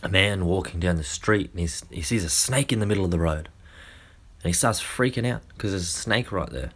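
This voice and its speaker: A man who gives a lecture-style monologue with deliberate, drawn-out phrasing and frequent restarts. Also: sits low, lively intonation, fairly bright tone, slightly rough. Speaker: speaker.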